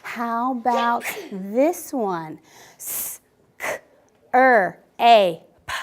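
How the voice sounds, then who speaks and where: Woman, first grade teacher, unhurried, sounds out letters with care and coaxes the class. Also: fairly high pitch. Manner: sounds out letters slowly and clearly, coaxing. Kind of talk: classroom teaching and interview commentary. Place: elementary classroom.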